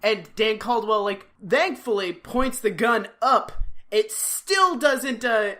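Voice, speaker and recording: A woman co-hosting a comedy podcast, talking in a slightly high voice. She retells scenes with lots of "like" and jumps into playing the characters. It is a loose, chatty recap. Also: slow pace. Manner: animated storytelling, heavy use of "like", acts out quotes. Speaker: podcast co-host.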